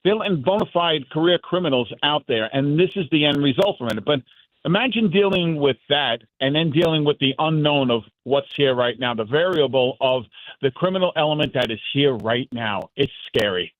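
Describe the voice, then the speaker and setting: A man's voice: fairly high pitch, expressive, moderate pace, no echo, narrow, tinny audio. A man from New York, a former officer, giving heated political commentary as a radio guest, indignant and mocking opponents. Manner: indignant, mocks opponents with put-on quotes.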